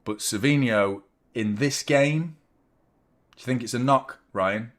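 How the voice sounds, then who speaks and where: A man hosting a live football watchalong, reacting loudly as a fan, swearing, joking and talking to viewers. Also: medium pitch, unhurried. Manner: excitable, swearing, jokey fan banter, chatting to viewers. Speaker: watchalong host.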